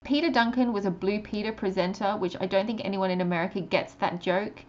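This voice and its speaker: A woman's voice: medium pitch, steady tone, brisk, dull audio. A woman interviewing a guest in an enthusiastic, rambling way. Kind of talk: casual interview.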